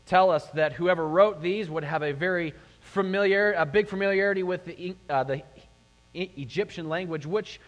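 Middle-aged guy preaching, storytelling, kinda high voice, long church reverb. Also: moderate pace, muffled recording. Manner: storytelling, animated, addresses the congregation with questions. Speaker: pastor. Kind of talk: sermon. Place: church sanctuary.

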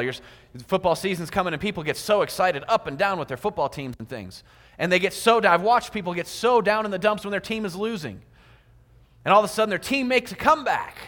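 A man's voice: high voice, a bit bright. A man giving a sermon in a church, acting out little everyday scenes with quoted voices. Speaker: preacher. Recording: long hall reverb.

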